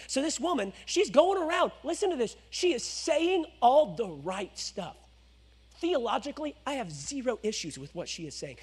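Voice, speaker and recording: A male pastor preaching a sermon, swinging between loud exhortation and hushed, low asides. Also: sing-song, normal speed, slightly rough.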